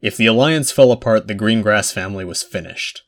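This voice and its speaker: A man narrating a fan fiction chapter aloud in a measured storytelling manner. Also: lowish voice. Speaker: audiobook narrator.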